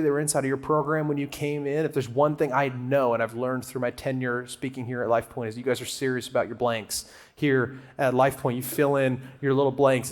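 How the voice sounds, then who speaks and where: A man preaching a conversational sermon to a church crowd, animated and joking as he talks to them. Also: medium pitch. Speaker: guest preacher. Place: church auditorium.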